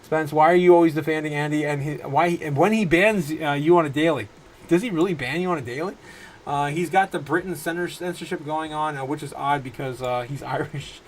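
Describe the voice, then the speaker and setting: A man in his thirties hosting a casual crypto livestream from his home, rambling through viewer comments with halting restarts and frequent laughs. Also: on the high side, slight background noise, rough recording. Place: home room.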